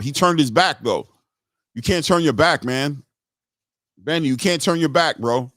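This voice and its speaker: A man's voice: medium pitch, lively intonation, normal speed, a bit bright, no echo, clean studio sound. A man hosting a live boxing stream, giving casual, slangy fight commentary and talking straight to his viewers.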